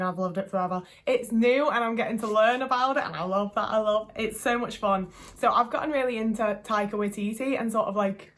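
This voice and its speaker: A woman's voice: fairly high pitch, a bit bright. A young woman chatting to camera in a rambling, gushing way, swearing casually as she goes. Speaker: vlogger.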